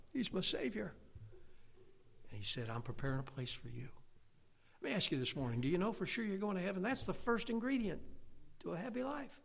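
A middle-aged preacher with a gravelly voice, pitched a little high for a man. He preaches with fire, climbs to near-shouts when stirred, and plays out the doubts of his hearers in his own voice. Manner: acts out imagined listeners' objections. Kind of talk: sermon.

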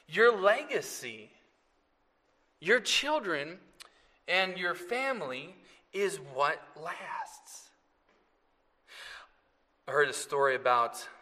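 A man preaching a Mother's Day sermon to his congregation, earnest and often rising loud on scripture, with asides to the listeners. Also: fairly high pitch, big-room sound. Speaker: pastor.

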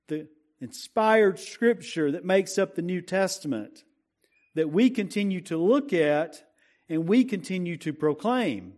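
Male preacher, high pitch, slow deliberate delivery, quizzes the congregation, leans hard on scripture. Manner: asks the congregation questions, slow emphatic scripture reading. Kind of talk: sermon.

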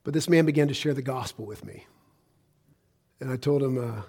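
A middle-aged American man preaching a sermon, swinging between loud emphasis and hushed, quiet passages. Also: mid-range voice, a little fast, pauses often, breathy edge. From United States. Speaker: pastor.

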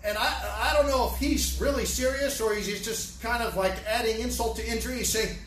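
A man's voice: very high voice, fairly even intonation, fairly quick, a bit bright. A man teaching a Bible study in a conversational way, retelling the scenes with many restarts. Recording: echoey room, distant mic, faint noise.

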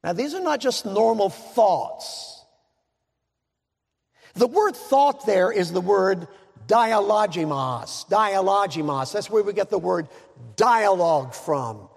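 Male preacher, high gravelly voice, dramatic sermon with joking asides, reverberant hall. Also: expressive. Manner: dramatic, slows down to stress words, joking asides.

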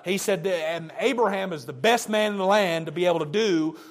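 Emphatic male preacher, slightly high voice. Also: a little fast. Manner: emphatic, repetitive, restarts phrases. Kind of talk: sermon.

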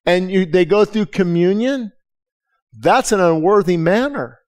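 Pastor guy preaching at church, bit of a high voice, talks real candid, repeats himself, keeps asking the crowd stuff. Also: a little slow. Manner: candid, emphatic, repeats words and restarts often; asks the congregation direct questions. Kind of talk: conversational sermon. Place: church service.

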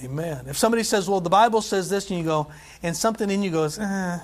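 High-pitched guy preaching a sermon, reads verses loud and slow then goes off chatting, sound. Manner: animated preaching, scripture read aloud with emphasis, asides and laughs. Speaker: pastor.

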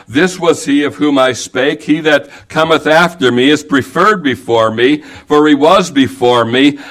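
A man preaching an evangelical sermon, slow and emphatic, quoting King James scripture at length. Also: on the high side, fairly bright tone.

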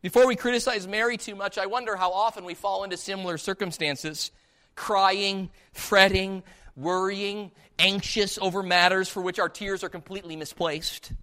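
During a church service, a man preaches and fires off many rhetorical questions at his listeners. His voice sits high with fairly even intonation and a pushed, bright quality, at a normal speed.

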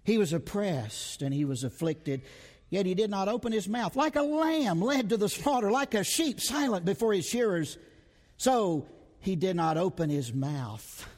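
A man preaching an expository sermon, dramatic and emphatic, repeating rhetorical questions, stretching out words and dropping to a hush. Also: high voice, expressive, moderate pace, in a large hall.

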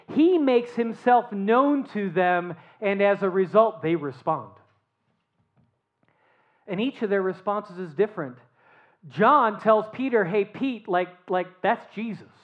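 A pastor preaching a sermon, telling the story with animated rhetorical questions and often dropping to a hushed tone. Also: medium pitch, unhurried. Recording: dull lo-fi sermon recording.

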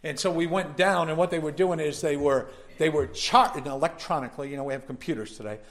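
A man's voice: a little high, quick pace. A male pastor delivering a sermon, telling a personal story in a folksy way and building up to emphatic preaching.

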